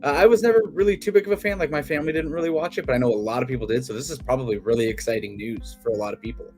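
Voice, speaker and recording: A man co-hosting a livestream, reading out film news in a relaxed, easygoing way. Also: medium pitch, rapid-fire, faint music behind. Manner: easygoing, reads headlines. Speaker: co-host. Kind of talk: casual movie news chat.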